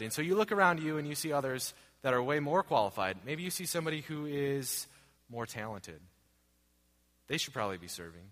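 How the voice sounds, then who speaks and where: A pastor in his thirties, with a mid-range and fairly bright voice, gives an earnest sermon. He returns to the same points and asks rhetorical questions while long hall reverb trails his words.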